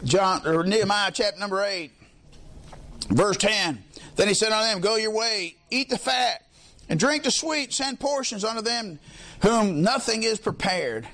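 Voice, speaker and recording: High-voiced preacher calling out "amen". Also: male voice, animated, unhurried. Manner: colloquial, peppers lines with "amen", swells into shouts. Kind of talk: sermon with congregation call-and-response.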